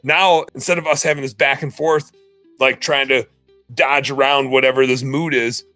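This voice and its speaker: A man with a bright, forceful voice speaks on a casual podcast. He talks candidly and rambles a little, and he often acts out what other people say. Faint music plays underneath. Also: medium pitch, fairly even intonation, normal speed, no room sound. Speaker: podcast co-host.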